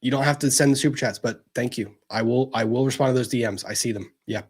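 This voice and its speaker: A man hosting a livestream, chatting casually and gently as he answers viewer messages, with plenty of fillers and restarts. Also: mid-range voice, fast, husky.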